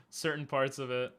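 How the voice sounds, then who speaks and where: A man streaming a game live from his room, talking to himself in halting, frustrated bursts with frequent restarts and laughs. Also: medium pitch, a bit bright. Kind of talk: live gameplay commentary.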